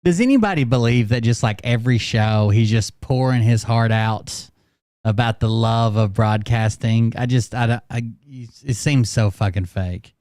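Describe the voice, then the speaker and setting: A man's voice: mid-range voice, normal speed, a little mellow, dry recording, clean studio sound. A man hosting a reaction show, giving blunt, mocking commentary over clips and swearing freely.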